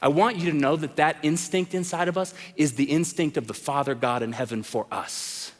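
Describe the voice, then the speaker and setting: Impassioned high-voiced preacher in a hall. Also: male voice, normal speed. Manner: impassioned preaching, swings between loud calls and hushed lines. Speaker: pastor. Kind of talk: sermon. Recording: long reverb of a large hall.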